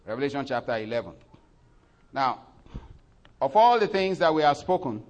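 A man preaching a sermon, voice climbing loud and high when he reads scripture, then dropping soft for his asides, with frequent fillers and self-corrections. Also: sing-song, normal speed, highs cut off.

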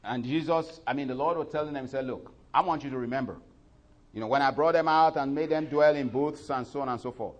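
A man preaching a sermon, voice climbing loud and high when he reads scripture, then dropping soft for his asides, with frequent fillers and self-corrections. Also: fast.

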